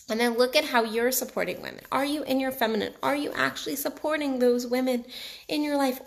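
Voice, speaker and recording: A woman's voice: a little high, creaky. A woman coach with a mixed New York and Texas accent, giving a blunt, casual motivational talk straight to her viewers. She swears freely and repeats lines for emphasis. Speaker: sex and relationship coach. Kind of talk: motivational direct-to-camera talk.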